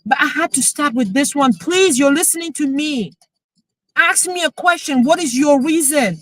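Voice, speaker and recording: A woman, a real estate coach chatting emotionally on a live stream, excited as she talks. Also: high voice, normal speed, dry recording, low-quality recording. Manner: excited, emotional, switching into French.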